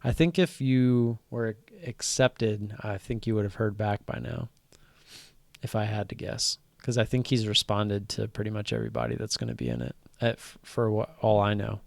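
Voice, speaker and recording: A man hosting a laid-back live stream, wandering from point to point with plenty of fillers. His mid-range voice has a gravelly fry, and the sound is close and dry. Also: lowish voice, steady tone, moderate pace, no room sound. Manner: rambling, with many fillers and restarts. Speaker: stock trading live stream host. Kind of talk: casual live-stream chat.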